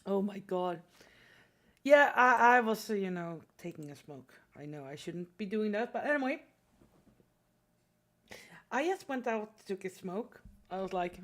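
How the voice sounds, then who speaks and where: A Swedish woman streams live while drawing, chatting casually, swearing freely and laughing a lot. Her voice is mid-range and expressive, at a moderate pace.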